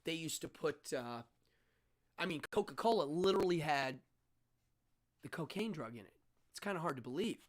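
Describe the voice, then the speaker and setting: A man hosting a casual livestream, rambling and excitable, laughing often and reacting out loud to chat messages. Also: fairly high pitch, moderate pace, long pauses. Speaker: host.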